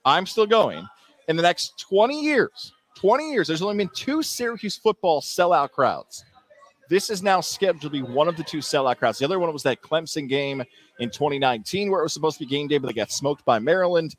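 Upbeat dude cohosting a sports podcast, higher voice, bouncy intonation. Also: male voice, expressive, a little fast. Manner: enthusiastic, shout-outs, sports stats. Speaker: podcast co-host. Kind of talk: casual sports chat.

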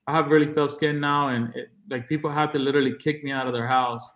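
A man's voice: fairly high pitch, fairly even intonation, fast talker, a bit bright. A man guest on an interview podcast, casually telling stories in a blunt, to-the-point way and acting out the dialogue. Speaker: podcast guest, real estate agent.

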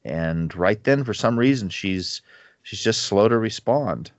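A man co-hosting a podcast, talking through a Bible passage in a reflective, halting way with many restarts. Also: on the low side, expressive, dry recording, muffled recording. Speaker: co-host of a Bible study podcast. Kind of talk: casual Bible discussion.

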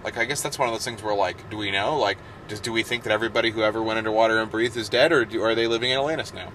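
A man's voice: lowish voice, fairly even intonation, racing, a bit bright, a little hiss or hum, low-quality recording. A man hosting a podcast in casual chat, rambling and joking, often breaking off mid-sentence. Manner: rambling, joking, self-interrupting. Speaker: podcast host.

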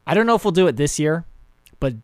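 Young male podcast host, casual and animated, lively pitch, dry mic. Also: fast talker, clear, resonant tone, no room sound. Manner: animated, laughs often, wraps up the show.

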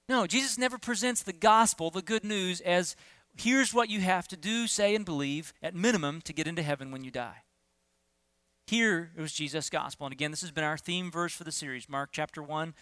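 High, bright-voiced preaching man. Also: no echo. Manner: conversational, self-deprecating humor with many fillers and restarts. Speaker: pastor. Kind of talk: sermon.

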